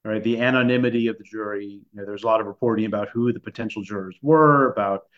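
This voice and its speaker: A lower-pitched man who co-hosts a podcast and talks through his points in a halting, thoughtful way. He restarts his phrases and fills pauses often. The recording is muffled and lo-fi. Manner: hesitant, many restarts and fillers. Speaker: podcast co-host. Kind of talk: conversational discussion. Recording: dull lo-fi recording.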